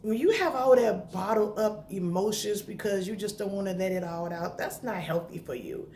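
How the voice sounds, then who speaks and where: A woman's voice: medium pitch, moderate pace, a little mellow. A middle-aged woman talking earnestly and emotionally to camera at home, giving heartfelt, conversational advice. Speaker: vlogger giving grief advice. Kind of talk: casual heartfelt talk to camera. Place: home indoors. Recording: echoey room, faint background noise.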